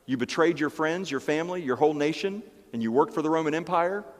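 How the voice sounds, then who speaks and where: A man voicing Jesus as an earnest, gentle adult man speaking straight to his disciples in a sermon. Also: a little high, fast, in a large hall, lightly acted. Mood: tender.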